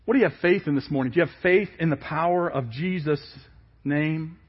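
A man preaching a sermon, emphatic and falling quiet at the ends of phrases. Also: a little high, brisk, slightly rough. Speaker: pastor. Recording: dull lo-fi church service audio.

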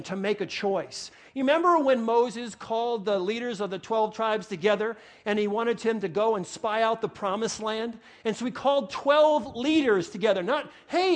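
A man preaching a sermon with a New York accent, getting worked up and repeating phrases for emphasis. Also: sits high. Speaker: pastor.

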